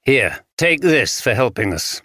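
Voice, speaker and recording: A man voicing a calm, kindly male police detective in an audiobook, speaking in a gentle, reassuring way. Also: mid-range voice, a little slow, dry recording, clean studio sound, exaggerated voice.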